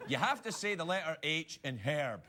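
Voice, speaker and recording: Animated male late-night host riffing. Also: a little high, moderate pace. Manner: animated, mock-indignant, riffing. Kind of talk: comedic bit reading viewer emails. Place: TV studio with live audience. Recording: loud studio audience, live-broadcast noise.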